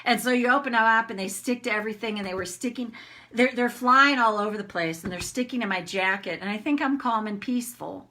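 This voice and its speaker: A woman's voice: on the high side, a little fast, bright, forceful tone. A middle-aged woman coach talking frankly to viewers in a casual live session, swearing freely and acting out her own rants.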